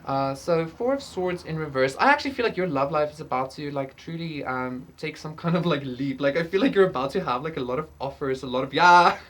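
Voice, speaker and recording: Low-voiced woman rambling through a tarot reading. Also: brisk, hardly any pauses. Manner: rambling, profane, lots of fillers, laughs often. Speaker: tarot reader. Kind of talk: casual pick-a-card tarot reading.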